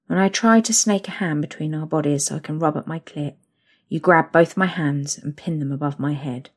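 A young woman narrating an intimate second-person story, soft and slow. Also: low-pitched, slightly rough.

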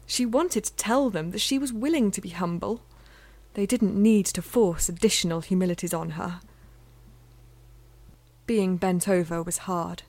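A woman reading a novel aloud in a measured, intimate way, sometimes dropping to a near-whisper. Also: medium pitch, darkish tone, dry recording. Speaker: audiobook narrator. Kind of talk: scripted fiction narration.

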